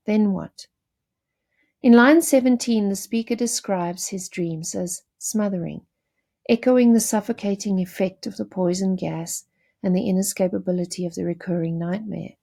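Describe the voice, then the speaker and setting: A woman teacher giving a measured, explanatory literature lecture, with occasional self-corrections and fillers. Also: mid-range voice, creaky, warm tone.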